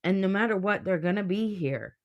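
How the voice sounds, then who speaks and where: A woman's voice: medium pitch, animated, fairly quick, lo-fi sound. A woman giving a livestream tarot reading, blunt and earnest, swearing as she urges the listener on. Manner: blunt, profane, motivational; earnest, emotional. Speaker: tarot reader.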